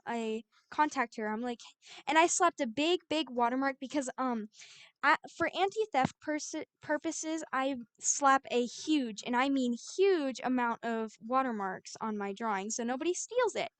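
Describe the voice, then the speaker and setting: A young woman artist telling a storytime vlog in an animated, exasperated way. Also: high-pitched, unhurried, clear, resonant tone, dry recording.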